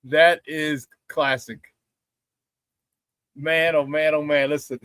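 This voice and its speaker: A man hosting a casual sports talk show, animated, laughing easily and greeting viewers by name. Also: a little high, slow pace, clear, resonant tone, no room sound, clean studio sound.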